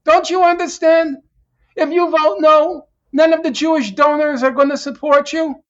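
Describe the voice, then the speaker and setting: A man's voice: very high-pitched, fairly even intonation, moderate pace, dull audio, voice pushed up. A man mockingly voicing a pushy female party leader who scolds a younger colleague.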